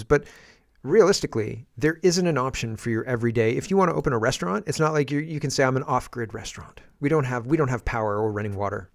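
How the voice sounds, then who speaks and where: A man's voice: mid-range voice, no room sound, studio quality. A man who hosts a casual political commentary show, talking sarcastically with chuckling asides. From Canada.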